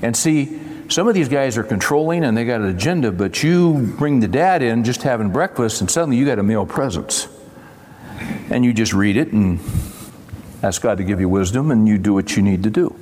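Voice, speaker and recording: An older pastor preaches a sermon in a folksy, conversational style, acting out bits of dialogue. His medium-pitched voice is animated, brisk and darkish in tone, carried by the long reverb of a large hall.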